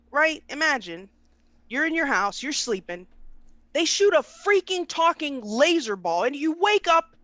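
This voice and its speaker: Woman, co-host, high voice, swoops around a lot, dry close sound, slangy and excitable. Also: no room sound. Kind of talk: casual live-stream chat.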